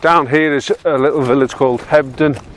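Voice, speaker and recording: A man's voice: mid-range voice, steady tone, a little fast, a bit bright. A man with a Yorkshire accent chatting casually as he walks across windy open moorland, self-mocking and laughing often. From Yorkshire, England. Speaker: walking guide vlogger. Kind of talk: casual walking commentary.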